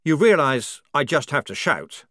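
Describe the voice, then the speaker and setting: A man's voice: fairly high pitch, sing-song, moderate pace, pushed and bright, dry recording, studio quality, voice pushed up, full character voice. A man voicing an eager, flustered young male writer who talks in a pleading rush. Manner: breathless, pleading, fussy.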